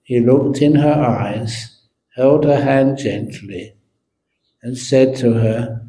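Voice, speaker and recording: A man's voice: medium pitch, slow pace, warm tone, a little hiss or hum. A man, a Buddhist monk teacher, answering questions at an evening talk with humor and playful storytelling. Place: meditation centre hall. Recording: echoey hall.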